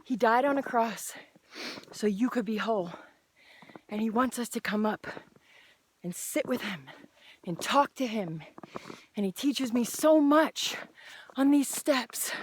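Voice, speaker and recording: Woman, slightly high voice, slow deliberate delivery; earnest, encouraging devotional talk recorded outdoors on a trail, faint noise. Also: lively intonation. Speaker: Christian vlogger sharing faith. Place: outdoors on a steep hillside trail.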